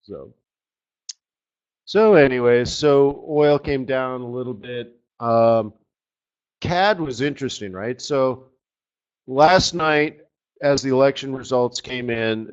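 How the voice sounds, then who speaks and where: A man hosting a live trading webinar, talking over his charts with excited outbursts and trailing murmurs. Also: mid-range voice, slow, long pauses, clean tone, muffled recording. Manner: excitable, exclamatory, trails off while fiddling with charts. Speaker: forex market strategist hosting a live webinar.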